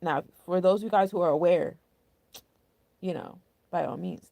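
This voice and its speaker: A woman's voice: lowish voice, normal speed, creaky, dark tone, no room sound. A young woman hosting a casual astrology and numerology forecast, chatty and candid, full of loose slang and filler words. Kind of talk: casual spiritual forecast talk.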